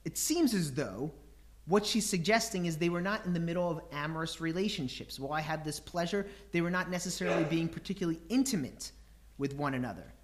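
A man's voice: a little high, lively intonation, brisk. A man preaching a sermon, teaching scripture with rhetorical questions and acting out voices and laughter.

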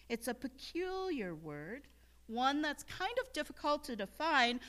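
Bright-voiced woman preaching a sermon. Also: on the high side. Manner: leads call-and-response with congregation; earnest, rising to emphatic shouts. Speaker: pastor. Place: church.

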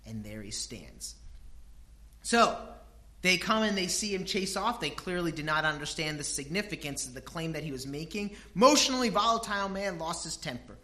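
A middle-aged man delivers a lively sermon in a bright, forceful voice. He swings from quiet, low asides to loud, emphatic peaks. He slips into homely stories about his family to make his point. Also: moderate pace. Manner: animated, emphatic, swings between hushed and loud. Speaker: pastor.

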